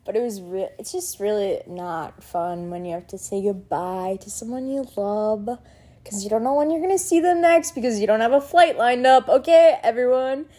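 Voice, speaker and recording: Chatty young woman with a mellow voice. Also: on the high side, moderate pace. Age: young adult. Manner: chatty and sentimental, full of fillers. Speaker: vlogger. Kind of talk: casual chat.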